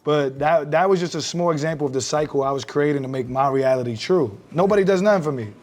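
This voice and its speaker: A man appears as a podcast guest in a casual chat, talking candidly and thoughtfully while performing snippets of quoted conversation. His voice leans high, and he speaks quickly.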